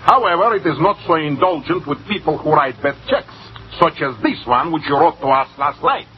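A man voices a fussy, whining cashier with a sly streak, pitched high and bouncing around a lot. It is 1940s radio acting, heard through a dull recording with faint hiss. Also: lively intonation, moderate pace, close to an everyday voice. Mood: smug. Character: fussy, sly middle-aged male cashier and embezzler. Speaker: cashier and bookkeeper. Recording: muffled old radio broadcast, faint hiss.

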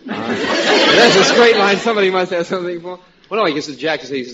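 Husky guy stumbling thru a joke setup, stammers a lot, muffled old radio sound. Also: high-pitched, bright, forceful tone. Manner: halting, stammers and repeats words. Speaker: comedy writer panelist. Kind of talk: ad-libbed joke pitching on a radio panel.

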